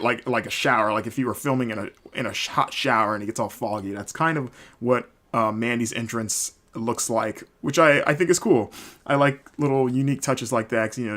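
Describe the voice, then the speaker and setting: A man's voice: medium pitch, a bit bright. A man hosting a solo wrestling recap podcast, rambling casually with many fillers and restarts. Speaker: podcast host.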